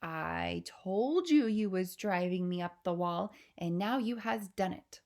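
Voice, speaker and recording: A woman voicing a kindly old male giant who speaks slowly with broken grammar. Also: fairly low pitch, expressive, creaky, a little mellow.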